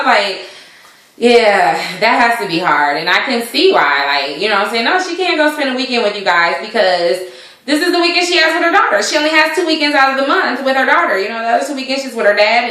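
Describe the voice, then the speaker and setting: A woman's voice: mid-range voice, a bit bright. A woman casually recapping a TV episode in a rambling way, full of fillers and asides. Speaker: TV show recap vlogger. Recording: very echoey room.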